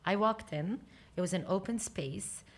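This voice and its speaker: A woman in her forties with an American accent, a podcast guest telling her life story in a lively way, acting out dialogue and dropping in Arabic phrases. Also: mid-range voice, unhurried. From Lebanon and United States. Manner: animated, acts out dialogue, slips into Arabic phrases. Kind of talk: personal storytelling interview.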